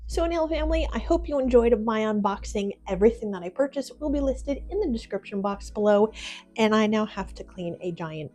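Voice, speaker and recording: A woman's voice: fairly high pitch, animated, fairly quick, dark tone. A woman hosting a casual nail product unboxing, gushing with little exclamations and sometimes dropping into a whisper. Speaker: nail channel host. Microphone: phone.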